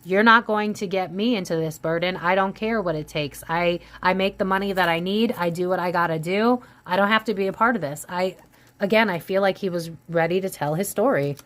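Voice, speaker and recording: A woman's voice: fairly low pitch, brisk, a bit bright. A woman doing a casual psychic tarot reading, musing aloud and voicing what she senses, with frequent restarts and trailing phrases. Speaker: tarot reader.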